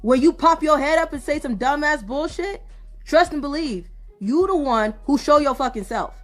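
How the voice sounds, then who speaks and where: A woman's voice: high-pitched, lively intonation, moderate pace, soft background music. A woman ranting at her critics in a profane, confrontational way. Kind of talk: heated livestream rant.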